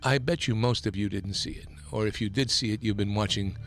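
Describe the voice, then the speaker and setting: A man hosting a talk radio show, delivering an impassioned, emphatic political monologue that climbs toward near-shouting. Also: fairly low pitch, a little fast, faint music behind. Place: radio studio.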